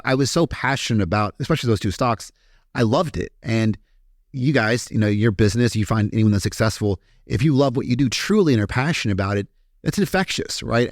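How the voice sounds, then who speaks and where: A man from Kentucky, a podcast guest telling his story in a candid, animated way and swearing freely. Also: lowish voice, dry recording, studio quality. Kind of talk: casual storytelling interview.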